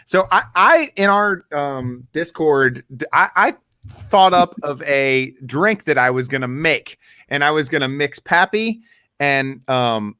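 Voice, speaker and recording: A man teasing and joking through a casual whiskey chat. His voice is bright and fairly high, recorded close and dry with no room sound. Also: lively intonation, unhurried, clear, resonant tone, no room sound.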